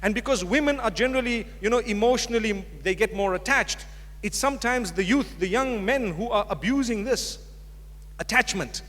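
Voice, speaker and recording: High-voiced man preaching in a hall. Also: normal speed, a bit bright. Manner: direct, humorous, addresses audience. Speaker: Islamic preacher. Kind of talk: public religious lecture. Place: lecture hall with live audience. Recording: long hall reverb from a lecture hall.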